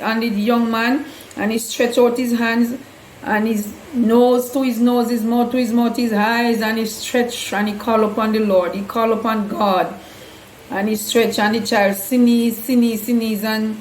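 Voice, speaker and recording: A woman earnestly retelling Bible stories in loose, non-standard grammar, with an echo around her voice. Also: on the high side. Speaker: host, Bible storyteller. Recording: echoey room with faint hum.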